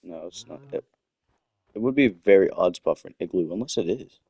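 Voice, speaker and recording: A young man with a low voice tells a story in a casual, rambling way while he plays a game. He keeps stopping mid-thought to comment on the game, then picks the story back up. His desk mic gives a close, dry sound. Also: expressive, a little fast, gravelly, mellow, husky, dry recording. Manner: rambling, self-interrupting with game asides. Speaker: gaming storyteller. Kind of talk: casual storytelling over gameplay. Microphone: desktop microphone.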